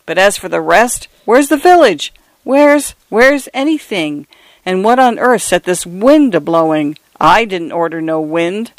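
A man's voice: high-pitched, lively intonation, a little slow, dry recording. A man voicing an ordinary little man who is bewildered and panicky, with plain common speech and frantic pleading.

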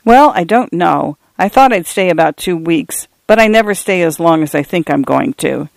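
A man's voice: a little high, animated, vocal fry, no echo. A man reading as a rambling old pioneer grandfather. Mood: reminiscing. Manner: slow, repeating old stories.

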